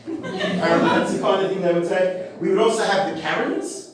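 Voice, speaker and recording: A man's voice: high-pitched, fairly even intonation, normal speed. A man doing live stand-up comedy in character, chatty and self-deprecating, with asides to the crowd. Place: comedy festival stage before a live audience. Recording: echoey venue, mic at a distance.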